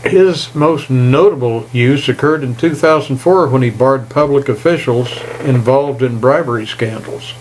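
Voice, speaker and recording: An older man giving a folksy, indignant political rant, pausing to read stumblingly from notes. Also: medium pitch, darkish tone, low-quality recording. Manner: folksy, reads haltingly, indignant. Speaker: political commentator. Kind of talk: opinion rant to camera.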